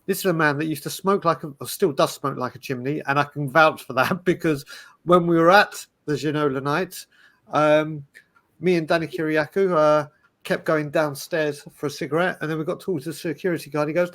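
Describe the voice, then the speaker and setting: A man in casual chat, telling animated stories with frequent restarts. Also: a little high, fairly quick. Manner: animated, storytelling, restarts often. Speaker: podcast panelist.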